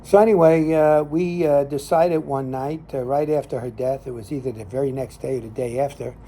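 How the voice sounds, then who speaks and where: A man's voice: medium pitch, steady tone, normal speed, dark tone. An older man from New Jersey with a Northern New Jersey accent, hosting a cigar show and telling a story in a rambling, folksy way with many fillers. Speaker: cigar show host and lay minister. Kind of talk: casual storytelling monologue.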